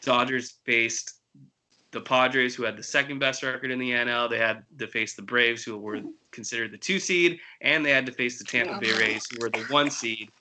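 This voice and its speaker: A man's voice: medium pitch, moderate pace, sharp tone, slight background noise, low-quality recording. A man hosting a casual sports podcast, talking earnestly with frequent restarts. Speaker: podcast host.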